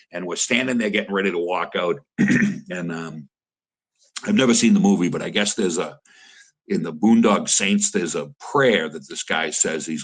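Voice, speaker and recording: Low husky-voiced man telling fight stories. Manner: rambling with frequent restarts. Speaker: fight manager and cornerman. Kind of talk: casual interview storytelling.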